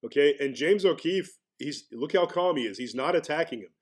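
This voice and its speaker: A man's voice: fairly high pitch, animated, brisk. A man giving casual commentary on a video clip, talking in a conversational way and sometimes mocking the people he shows. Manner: conversational, mocking impressions of others.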